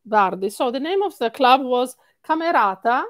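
Singing coach, woman, Italian accent, higher voice, animated and emphatic, given to repeating words, dry recording. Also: moderate pace, no room sound. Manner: animated, repeats words for stress, laughs often. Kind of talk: interview answers.

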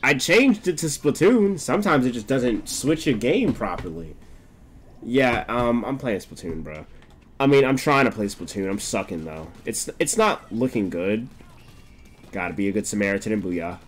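A young man streaming a game, chatting casually, swearing often and breaking into laughter and excited outbursts. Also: medium pitch, normal speed, slight background noise. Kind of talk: casual gameplay commentary.

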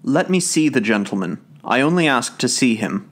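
A man's voice: medium pitch, big pitch swings, moderate pace. A man doing a young lady pleading in tears. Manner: pleading, tearful. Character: distressed young lady pleading with her parents.

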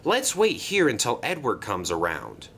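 A man's voice: medium pitch, huge pitch swings, a little slow, a bit bright, a little hiss or hum, exaggerated voice. Guy doing a tired grumbly train engine. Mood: weary. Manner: groaning, weary. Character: tired, complaining male steam engine.

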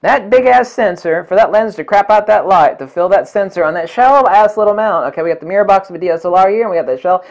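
A man's voice: sits high, quick pace, vocal fry, hardly any pauses. A man reviewing camera lenses in a vlog, blunt and combative, swearing often and repeating points for emphasis. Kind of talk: ranting product review vlog.

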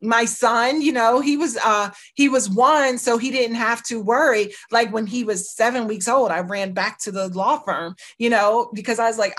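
A middle-aged woman from the United States, guesting as a lawyer, shares her life story openly and forcefully, performing quoted lines and leaning on "you know" and "right." Her voice is a little high and fairly bright. She talks at normal speed with few pauses.

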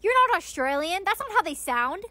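A synthetic female text-to-speech voice playing a calm mother who gently corrects her child. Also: very high-pitched, fairly quick, no echo, exaggerated voice. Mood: patient. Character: patient, teasing mother. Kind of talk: text-to-speech story narration.

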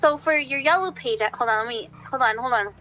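A woman in GTA roleplay, ditzy and rambling, pitching a silly pun. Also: fairly quick, highs cut off, slight background noise. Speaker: roleplay character on a phone call.

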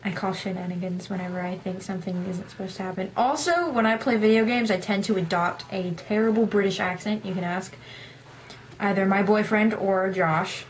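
A woman's voice: mid-range voice, steady tone, moderate pace, a little hiss or hum. Chatty young woman telling a gaming story. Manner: chatty, rambling, self-deprecating, acts out her own past lines. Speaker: gaming vlogger. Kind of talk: casual storytelling monologue.

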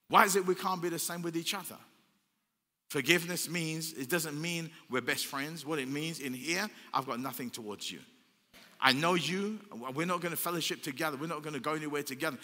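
A man's voice: a little high, a little fast, bright, forceful tone. An older man preaching a sermon as pastor, emphatic and repetitive, asking the crowd rhetorical questions. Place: church hall. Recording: long church hall reverb.

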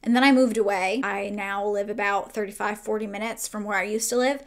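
A woman's voice: medium pitch, fairly even intonation, a little fast. A woman in her twenties chatting casually while doing her makeup at home, rambling and filling her talk with "like". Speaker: beauty vlogger. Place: home, getting ready.

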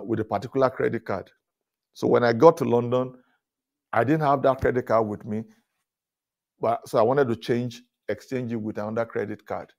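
A male pastor giving a leadership talk at a conference, telling stories with chuckles and repeated words, often rising loud for emphasis. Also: mid-range voice, vocal fry. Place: conference stage before an audience.

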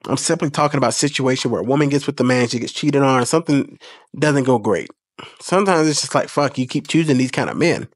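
A man's voice: mid-range voice, expressive, fast, no echo, clean studio sound. A man hosting a casual commentary video, blunt and profane, lecturing in an exasperated way.

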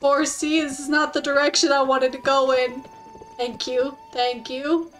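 A high-voiced woman gives excitable, giggly game commentary, cooing softly to her in-game horse. She talks at an unhurried pace, with faint music behind her. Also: poor audio. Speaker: streamer. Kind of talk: casual gameplay commentary.

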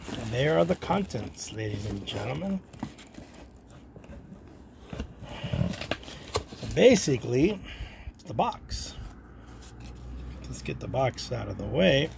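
Gravelly man chatting through an unboxing. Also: medium pitch, very animated, slow pace, pauses often. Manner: chatty, talks to himself while unpacking, drops to whispers. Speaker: card collector vlogger. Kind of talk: casual unboxing chat. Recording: noisy home recording.

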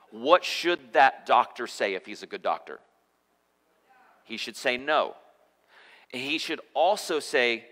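Male pastor preaching casually to a congregation, bright voice, echoing church hall, frequent restarts. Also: mid-range voice, big pitch swings, slow, pauses often. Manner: conversational preaching with frequent restarts and repeated words. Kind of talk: sermon. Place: church sanctuary.

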